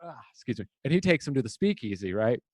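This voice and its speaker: A man's voice: medium pitch, big pitch swings, fast talker, darkish tone, no room sound. Young man, podcast co-host, loose rambling storyteller, dry close sound. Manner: rambling storyteller, acts out movie lines. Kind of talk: casual chat.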